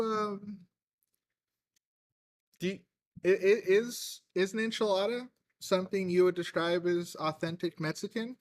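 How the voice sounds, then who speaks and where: A man's voice: high voice, takes it slowly, pauses often, no room sound. Chatty, rambling man on a game stream. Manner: rambling and chatty, laughs often, many fillers. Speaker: livestreamer playing a game. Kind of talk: casual game-stream chat.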